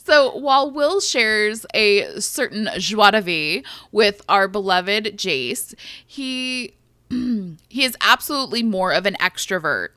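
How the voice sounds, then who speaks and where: A woman co-hosting a book podcast in casual chat, animated and giggly, with lots of fillers. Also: mid-range voice, slow, no echo, studio quality. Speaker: podcast co-host.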